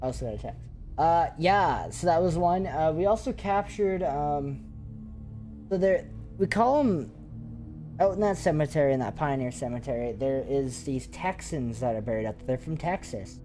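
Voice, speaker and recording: A man who hosts a paranormal investigation channel, telling ghost stories in a casual live chat with excited, rambling talk full of fillers. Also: a little high, moderate pace, faint music behind. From Canada.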